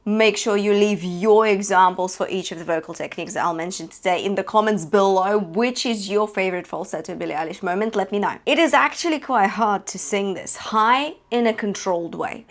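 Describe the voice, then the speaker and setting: Woman, vocal coach, chatty and demonstrative, mid-pitched voice, online singing lesson. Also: fairly quick, hardly any pauses. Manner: demonstrative, chatty, sings short examples. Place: home studio room.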